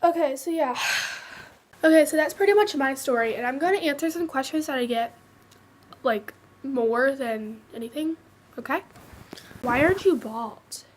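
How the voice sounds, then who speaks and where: A woman's voice: high voice, moderate pace, pauses often. A teenage girl telling her own cancer story in a hesitant, casual way, full of fillers and restarts.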